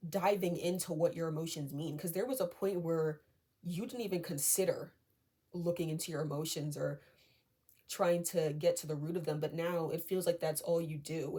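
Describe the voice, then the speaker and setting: Soft-spoken woman doing a chatty tarot reading. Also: low-pitched. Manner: chatty, many fillers, often asks okay?; reassuring and calming. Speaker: tarot reader. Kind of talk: casual tarot reading to viewers.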